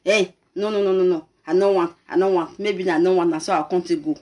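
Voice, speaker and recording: A woman with a Nigerian Pidgin English accent hosting a talk show, telling a personal story to camera in an animated, laughing way. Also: lowish voice, a little fast.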